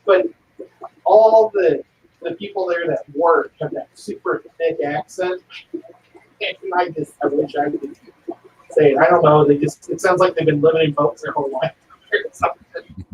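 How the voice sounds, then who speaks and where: High male voice, curious; echoey, far-off dull line. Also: moderate pace, long pauses, a little hiss or hum. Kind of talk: casual chat. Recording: distant, echoey, dull mic.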